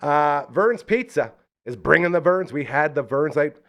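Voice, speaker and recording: A man's voice: a little high, lively intonation, moderate pace. A man hosting a live local podcast, chatting casually and rambling through enthusiastic sponsor plugs. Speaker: podcast host.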